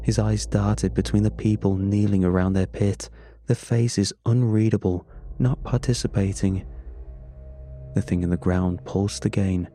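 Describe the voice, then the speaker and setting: A man tells a first-person horror story in a slow, measured, grim way. His voice sits low and dark, with faint music underneath. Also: fairly even intonation. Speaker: narrator.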